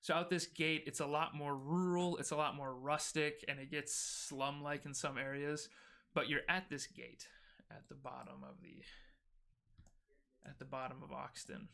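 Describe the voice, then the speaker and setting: A man runs a homebrew tabletop adventure as game master, narrating in a loose, casual way with plenty of fillers. His voice sits a little high, bright and crisp. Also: little pitch movement, moderate pace.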